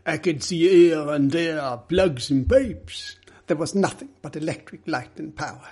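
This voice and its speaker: A man playing an earnest, insistent gentleman. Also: a little high, takes it slowly, pitched above the performer's own voice. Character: earnest, excitable male property owner.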